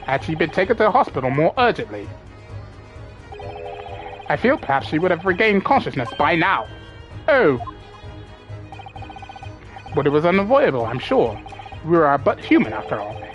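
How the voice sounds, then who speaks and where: A woman voicing a polite, aloof English gentleman detective, speaking in a courteous, unhurried and dry way. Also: low voice, sing-song, highs cut off, faint music behind, pitched below the performer's own voice. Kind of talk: reading game dialogue aloud.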